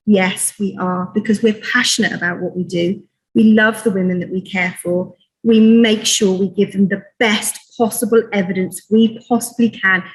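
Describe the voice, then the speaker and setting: A woman midwife, a bit out of breath, passionately coaching pelvic floor exercises in a gym. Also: mid-range voice. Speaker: midwife leading an exercise demo. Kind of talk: energetic exercise instruction talk. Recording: echoey room, far from mic.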